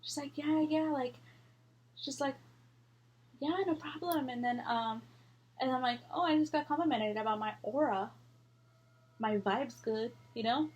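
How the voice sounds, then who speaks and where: A young woman, telling a scary story to her viewers in a rambling, animated way, swearing freely and acting out what people said. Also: fairly high pitch, normal speed, long pauses, muffled recording. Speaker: vlogger. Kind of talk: casual storytelling to camera.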